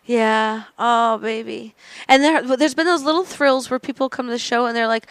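A young adult woman on a podcast, chatty and giggly, telling a story with quick asides. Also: a little high, clear, resonant tone. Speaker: podcast co-host and comedian. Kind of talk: casual chat.

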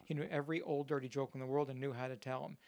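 A middle-aged male comedian chatting casually and retelling old jokes with lively delivery. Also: medium pitch, very fast, dry recording. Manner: animated joke-telling with character voices. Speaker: comedian guest telling jokes. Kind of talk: casual podcast conversation.

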